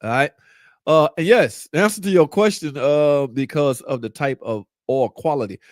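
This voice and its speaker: A man's voice: a little high, moderate pace, no room sound. A man with a slightly raised voice hosts a casual live car-talk stream. He goes through viewer comments in loose slang and jokes with them. The sound is close and dry, with no room around it. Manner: loose, slangy, joking banter. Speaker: car channel host.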